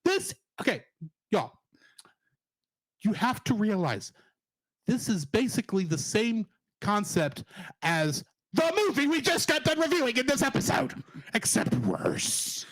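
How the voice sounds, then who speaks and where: Guy podcast host, kinda high voice, bouncing all over, jokey, laughs a lot, dry close sound. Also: slow, long pauses, no room sound. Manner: animated, joking, laughs often. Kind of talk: casual review chat.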